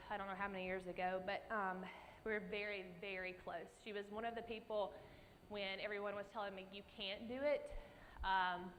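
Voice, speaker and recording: A young woman tells her story to a conference crowd, animated and folksy, sprinkling in ums as she goes. Her voice sits in the middle range and carries a long hall reverb over faint room ambience. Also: mid-range voice, a little hiss or hum. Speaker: conference speaker. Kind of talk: personal storytelling speech.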